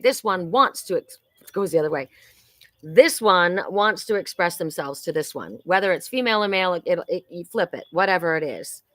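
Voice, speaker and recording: A woman's voice: mid-range voice, fairly bright tone, no room sound. Chatty woman psychic reader, dry sound. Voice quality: chatty, exclamatory, talks straight to viewers. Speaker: psychic card reader and host. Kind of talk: live-streamed oracle card reading. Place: home in Sedona.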